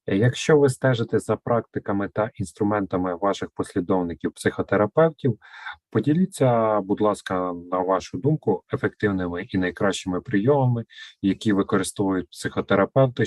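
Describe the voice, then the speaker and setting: A man's voice: fairly low pitch, fairly quick, a little mellow, dry recording. A man from Ukraine interviewing a guest, asking a long question in a polite, formal, earnest way.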